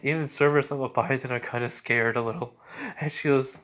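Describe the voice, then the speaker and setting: A man's voice: mid-range voice, steady tone, fairly quick, fairly bright tone. A man casually narrating an improvised fan story, rambling with lots of fillers and restarts. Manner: rambling, full of fillers like "well" and "basically".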